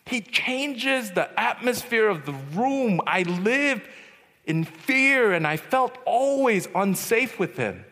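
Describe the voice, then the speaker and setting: A man giving a personal testimony as a retreat speaker, storytelling and swinging from hushed to loud. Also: high voice, very animated, slow pace. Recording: long hall reverb.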